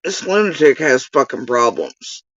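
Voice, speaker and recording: A channel host with a medium-pitched, sing-song, slightly bright voice talks a little slowly in an angry, profane rant to camera. He directs accusations and insults at one person, and the dull, lo-fi, dry recording has no echo.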